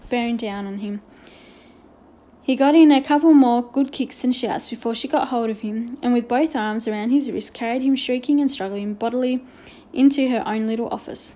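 A woman narrating a children's storybook aloud in a clear, expressive way. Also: fairly high pitch.

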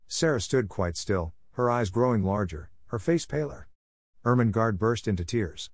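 A man narrating a classic novel as an audiobook in a steady, even telling. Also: on the low side, normal speed, no room sound, clean studio sound.

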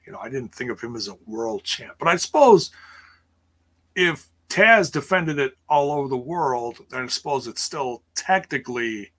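A man's voice: medium pitch, fairly bright tone, husky. A man casually recapping wrestling for a live chat, rambling with ums and sarcastic asides. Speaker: wrestling show recap host.

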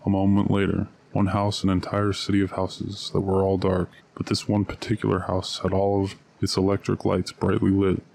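A man reading a story aloud at a steady, measured pace. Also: sits low, vocal fry. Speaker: narrator. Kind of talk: audiobook reading.

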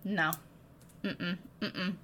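A woman's voice: on the low side, steady tone, extremely slow, fairly bright tone, slight background noise. A woman co-hosting a casual book podcast, retelling the plot with swearing and dramatic flair. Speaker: podcast co-host. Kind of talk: casual book-club chat.

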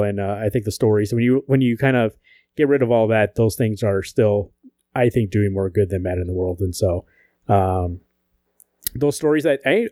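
A fairly low-pitched man with no room sound around him co-hosts a podcast. Casual and profane, he jokes around and tells stories in an animated way.

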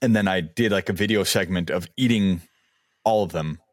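A man's voice: low-pitched, moderate pace, dry recording. A man co-hosting a podcast in casual chat, telling rambling stories with plenty of filler and laughing often. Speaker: podcast co-host.

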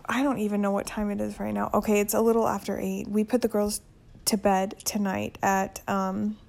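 A woman's voice: mid-range voice, level tone, normal speed, creaky. Young woman, casual solo podcast host, candid and chatty, recorded at home in her bedroom. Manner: chatty and candid, with soft laughs.

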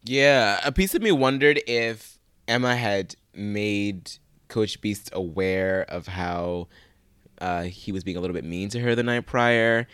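A man's voice: fairly low pitch, unhurried, a bit bright, clear, resonant tone, no room sound, studio quality. A man co-hosting a podcast, giving frank, opinionated commentary with casual swearing. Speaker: podcast co-host.

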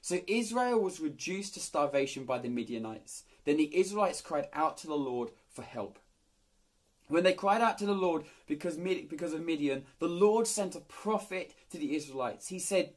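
A man reading a Bible passage, then explaining it in a relaxed, conversational sermon full of fillers. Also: a little high, moderate pace. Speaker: preacher.

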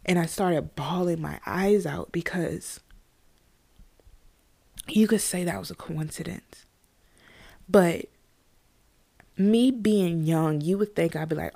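Young woman, low and fry-heavy voice, casual animated storyteller. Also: slow, pauses often. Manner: conversational, animated with quoted voices, frequent "you know what I mean". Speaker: podcast guest or host sharing a personal story.

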